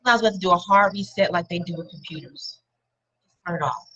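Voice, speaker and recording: Woman doing a chatty self-care pep talk, bright voice, keeps repeating words to hammer it home. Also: fairly low pitch, fast, highs cut off, slight background noise. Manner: encouraging, repetitive emphasis, conversational; speaks directly to viewers and names them. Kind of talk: casual motivational talk.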